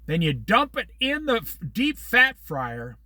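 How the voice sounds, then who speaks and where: A man's voice: sits high, huge pitch swings, measured pace, sharp tone, no room sound. A middle-aged man in casual talk, rambling from story to story with religious asides. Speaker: vlogger.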